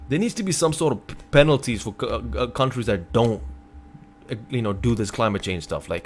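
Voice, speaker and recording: Reading a news article on stream at his computer desk mic, a North American man responds in a casual, exasperated manner and occasionally gets loud. His voice is medium-pitched, animated, and brisk.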